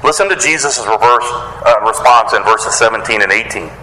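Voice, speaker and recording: A man's voice: fairly low pitch, brisk, bright, forceful tone. A man preaching a sermon as pastor, earnest and emphatic, building his points through repeated phrases. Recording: echoey hall, faint noise.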